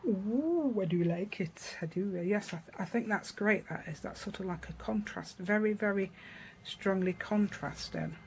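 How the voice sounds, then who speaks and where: Woman with East Midlands accent, craft tutorial chat, gravelly voice, faint room hiss. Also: mid-range voice, moderate pace, few pauses, darkish tone, rough recording. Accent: East Midlands English. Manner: chatty, rambling, asks tag questions, laughs often.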